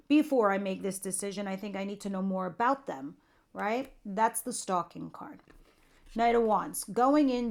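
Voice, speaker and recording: A middle-aged woman giving a casual, chatty tarot reading, talking straight to her viewers with light jokes. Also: medium pitch. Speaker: tarot reader.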